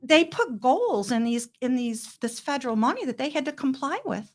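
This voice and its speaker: A middle-aged woman, a guest, telling her story in an impassioned, blunt way with quick asides. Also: sits high, animated. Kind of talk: emotional interview storytelling.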